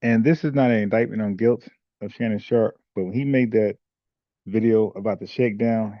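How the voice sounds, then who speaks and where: A man with a gravelly voice chats casually as a co-host, blunt and slangy, mocking what he talks about. His recording sounds dull and lo-fi, with no room echo. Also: fairly low pitch, fairly even intonation, brisk. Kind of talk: casual opinionated chat.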